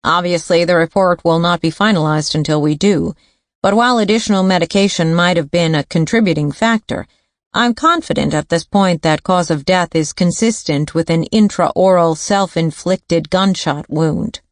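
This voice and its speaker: A woman reading an audiobook, voicing a guarded male pathologist with a high, nasal voice and a careful, formal way of talking. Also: moderate pace, no room sound, studio quality, close to an everyday voice. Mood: concerned. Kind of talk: audiobook character voice.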